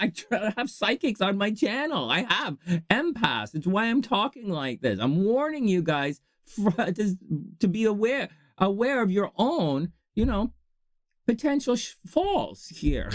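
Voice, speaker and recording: Vlog host, casual advice monologue, very lively pitch, dry close sound. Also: no echo. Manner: animated, laughs often, swings between low asides and high exclamations. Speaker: channel host.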